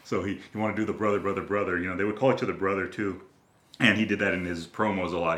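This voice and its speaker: Deep-voiced man with a roomy echo. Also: steady tone, rapid-fire, a bit bright. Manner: rambling, hesitant storytelling with many fillers. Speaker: podcast co-host. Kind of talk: casual chat.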